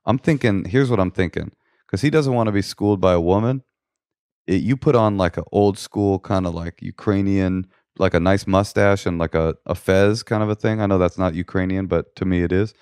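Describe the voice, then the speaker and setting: A man's voice: deep voice, normal speed, darkish tone, smooth, dry recording, studio quality. A man co-hosting a comedy podcast, giving advice in a jokey, playful way and slipping into silly voices. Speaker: podcast co-host. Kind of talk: casual comedic advice chat.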